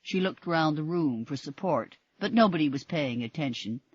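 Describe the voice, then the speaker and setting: A woman reading an audiobook in expressive, measured scripted narration. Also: low voice, breathy edge, no echo, muffled recording.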